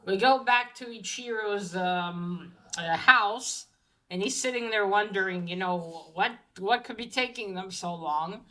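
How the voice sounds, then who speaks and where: A woman's voice: mid-range voice, measured pace, pushed and bright, rough recording. A woman giving a casual, chatty comic book review, talking with many fillers and restarts.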